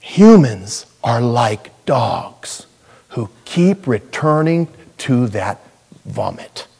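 A middle-aged man preaching a sermon as pastor, animated and jokey, with sudden loud high bursts. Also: drawn-out words, creaky, husky.

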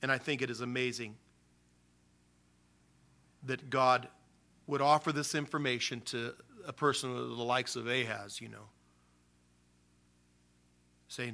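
A man preaching a sermon with a bright, forward voice. He keeps it animated and uses casual slang as he teaches. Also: medium pitch, a little slow, gravelly, long pauses. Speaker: pastor.

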